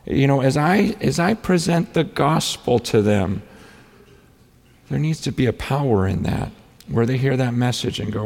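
A man's voice: mid-range voice, lively intonation, normal speed, gravelly, a little mellow. A man preaching a sermon as a pastor, telling a story with frequent restarts and repeated words. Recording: long hall reverb.

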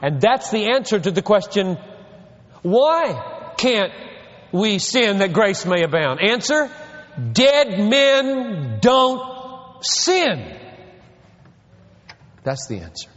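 Male pastor preaching emphatically, high lively voice, dull recording in a reverberant hall. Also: takes it slowly, pauses often. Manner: emphatic, rhetorical questions, swings from quiet to loud. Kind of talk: sermon.

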